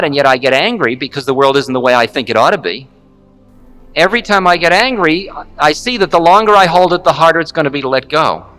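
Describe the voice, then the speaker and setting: A man, a spiritual teacher, telling a story in a candid, wry, animated way. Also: a little high. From United States. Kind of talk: storytelling talk.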